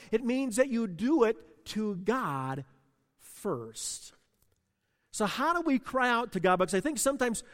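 A male pastor preaching a sermon with passion, dropping to a hush and then rising to loud emphasis. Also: high-pitched, in a large hall. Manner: passionate, swings from hushed to loud.

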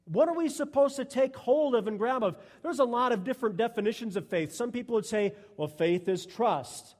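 High-voiced male pastor preaching. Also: fairly quick, darkish tone. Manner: earnest, emphatic preaching. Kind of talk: sermon. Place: church sanctuary during a Sunday service. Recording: long echo of a church hall.

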